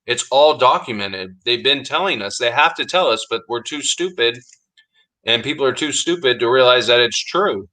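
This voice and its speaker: Insistent bright-voiced man. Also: mid-range voice, expressive, moderate pace, rough recording. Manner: emphatic, insistent, says "dude" a lot. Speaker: podcast co-host. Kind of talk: casual chat.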